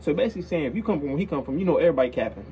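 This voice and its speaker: A young man reacts to a rap song in easy, slangy talk, circling back and repeating his points. His voice sits slightly high with a soft, mellow edge, and the pitch jumps around a lot as he gets animated. There is a faint hiss behind him. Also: very fast, rough recording. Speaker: reaction video host. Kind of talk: casual reaction commentary.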